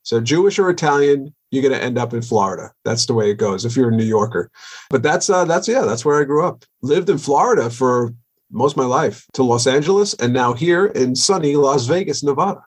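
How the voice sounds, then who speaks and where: Husky-voiced joking New man. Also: medium pitch, lively intonation, a little fast. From Long Island, New York. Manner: joking, storytelling, laughs easily. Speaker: podcast guest, rock drummer. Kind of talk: casual interview chat.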